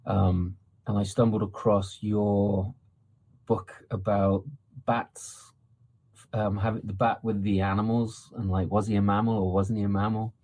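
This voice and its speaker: A man hosting a podcast interview, eager and halting, with many fillers and restarts. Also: fairly low pitch, little pitch movement, darkish tone. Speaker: podcast host.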